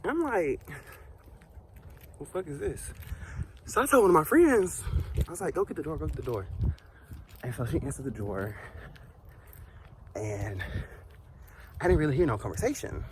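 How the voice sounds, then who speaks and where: A man's voice: a little high, very animated, normal speed, long pauses, slight background noise. A young man vlogger telling a casual storytime while walking outdoors, sassy and chatty with asides to his viewers.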